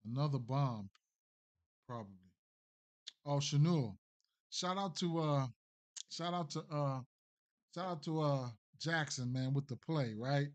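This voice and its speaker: A man's voice: a little high, a little slow, pauses often. A man streaming sports betting picks, thinking aloud in a casual, mumbling way with many fillers and restarts. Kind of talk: casual live-stream commentary.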